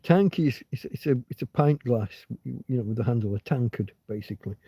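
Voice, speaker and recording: A man's voice: mid-range voice, expressive, a little fast, breathy edge, no room sound. A man hosting a casual livestream, rambling and digressing as he chats. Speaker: livestream host. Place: outdoors in a field. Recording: dull lo-fi dry sound.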